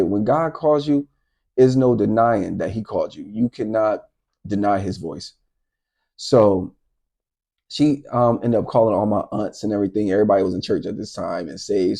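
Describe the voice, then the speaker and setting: Gravelly low-voiced man telling his story. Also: normal speed. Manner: animated, addresses viewers directly. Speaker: content creator telling his testimony. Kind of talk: casual storytelling to camera.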